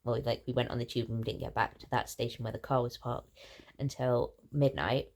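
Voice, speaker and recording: A tired young woman losing her voice, chatting in a rambling, excitable way while lying in bed. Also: extremely low pitch, fairly quick. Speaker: book vlogger. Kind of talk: casual chatty vlog.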